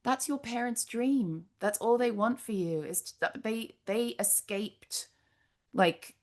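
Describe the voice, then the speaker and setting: A woman's voice: on the high side, lively intonation, slow pace, a little mellow. A woman hosting an interview, speaking earnestly and emphatically in long flowing thoughts full of "like" and "you know.". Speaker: podcast host, interviewer. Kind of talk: casual interview chat.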